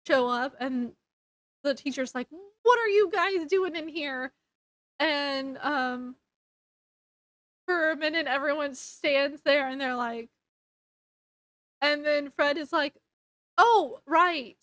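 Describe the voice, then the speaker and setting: A woman chatting through a book's plot on her review channel, wandering through the story with fillers and quick corrections. Her voice sits high, and she takes her time. The recording is close and dry. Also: a bit bright, no room sound. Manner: rambling, hesitant, with fillers and self-corrections. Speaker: book reviewer. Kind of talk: casual book review vlog.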